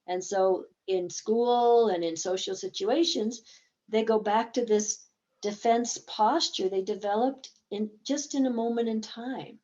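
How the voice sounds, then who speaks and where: A woman's voice: medium pitch, measured pace, mellow, muffled recording. A woman therapist explaining a game in a conversational teaching talk, acting out bits of dialogue as examples.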